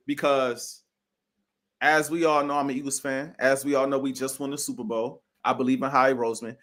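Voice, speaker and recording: A man's voice: mid-range voice, a little fast. A man co-hosting a sports podcast, talking casually with lots of slang and strong opinions. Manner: animated, slangy, keeps saying bro; opinionated and emphatic.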